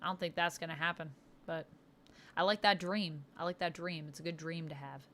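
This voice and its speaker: A woman with a somewhat low-pitched voice hosts a relaxed livestream. She talks like an eager comic fan, reading viewer questions aloud and answering them in a loose, conversational way. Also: brisk, a little hiss or hum. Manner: enthusiastic comic-book fan talk. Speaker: livestream host. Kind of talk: casual chat.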